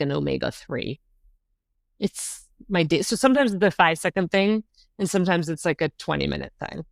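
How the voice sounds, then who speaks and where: A middle-aged woman, a podcast guest, telling a story in a casual, animated way, often saying "like" and jumping high when she acts out quotes. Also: creaky, no room sound, studio quality. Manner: animated, says "like" often, jumps to high pitch acting out quotes.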